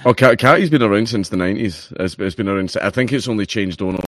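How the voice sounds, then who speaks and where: A man's voice: on the low side, quick pace. A Scottish man in his thirties, chatting casually and telling swear-filled stories. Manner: swearing storyteller. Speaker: podcast guest. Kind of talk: casual chat.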